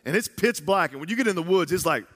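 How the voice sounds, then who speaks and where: A man preaching a sermon in a large church hall, telling stories with animated, casual slang. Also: high-pitched, fast talker. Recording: long hall reverb.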